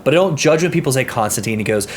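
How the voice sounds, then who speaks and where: A man co-hosting a podcast, telling a story in an animated way and acting out what people said. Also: mid-range voice, very fast, slight background noise. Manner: animated storyteller, acts out quotes. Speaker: podcast co-host. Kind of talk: casual chat, storytelling.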